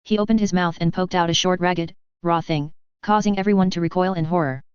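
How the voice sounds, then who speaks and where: A woman narrating a sci-fi story in a steady, plain reading voice. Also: on the low side, a little fast, clear, resonant tone, no room sound, muffled recording. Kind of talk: audiobook narration.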